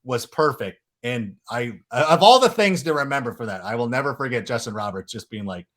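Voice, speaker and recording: A man's voice: mid-range voice, expressive, fairly quick, a bit bright. A man hosting a podcast in casual chat, telling stories animatedly and acting out quotes in raised voices. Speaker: podcast host.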